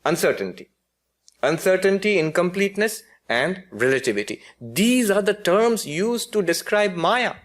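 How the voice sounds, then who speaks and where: A man's voice: sits high, big pitch swings, moderate pace, a bit bright. A man, a spiritual teacher, giving a philosophy lecture with humorous storytelling and frequent self-corrections.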